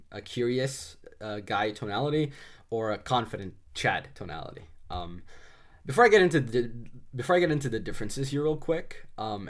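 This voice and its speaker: A man giving loose, conversational cold-calling advice, full of fillers and restarts, sounding slightly congested. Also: medium pitch. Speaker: sales trainer. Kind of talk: casual instructional talk.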